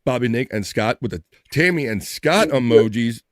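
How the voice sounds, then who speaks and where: A man's voice: mid-range voice, expressive, normal speed, no room sound, studio quality. A man hosting a casual livestream chat show in an upbeat, old-school radio manner, thanking viewers and reading their messages. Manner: upbeat, shout-outs to chat, radio-style. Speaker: livestream host.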